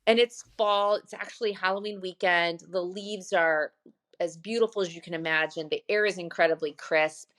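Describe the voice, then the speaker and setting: A woman's voice: fairly low pitch, steady tone, moderate pace, fairly bright tone. A woman who owns a glamping site, chatting in an interview and telling stories with many restarts. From Michigan, USA. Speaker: glamping site owner, guest. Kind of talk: casual interview chat.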